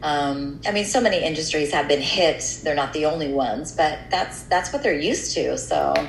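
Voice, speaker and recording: A middle-aged American woman with a lowish voice talks shop in a relaxed, candid way. She sounds like a seasoned radio host chatting. The room is roomy and echoey, with faint noise underneath. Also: moderate pace, creaky. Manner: candid, relaxed, frequent "you know". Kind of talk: casual chat.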